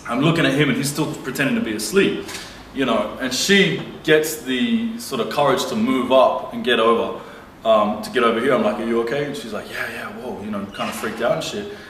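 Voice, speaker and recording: A man's voice: mid-range voice, brisk, a bit bright. Brief: male vlogger, blunt and foul-mouthed storyteller, mid-range voice, roomy sound with the mic set back. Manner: blunt, profane, heated retelling. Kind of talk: casual storytelling to camera. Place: lives abroad. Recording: roomy, distant mic with faint noise.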